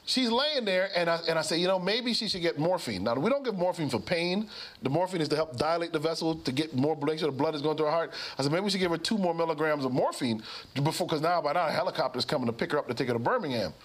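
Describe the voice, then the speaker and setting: High-voiced man telling a sermon story. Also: fast. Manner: animated storyteller, acts out quoted voices. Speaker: pastor and physician speaking on a ministry show.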